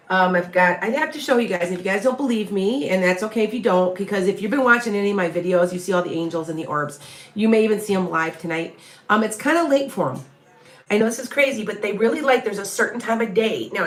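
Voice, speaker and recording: A woman's voice: mid-range voice, echoey room. A woman, a psychic medium, chatting casually with viewers on a livestream, rambling, heartfelt and frank, now and then salty. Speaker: psychic medium and tarot reader.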